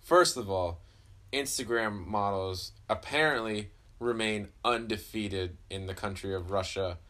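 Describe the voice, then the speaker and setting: Lowish voiced podcast dude, crude jokes, laughs a lot. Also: male voice, a little slow, bright, forceful tone. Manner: joking, crude, laughs often. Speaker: podcast co-host. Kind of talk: casual podcast banter.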